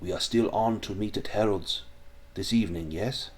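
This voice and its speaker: A man voicing a deep-voiced male plotter with a German accent, speaking quietly. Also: moderate pace, lightly acted. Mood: hushed.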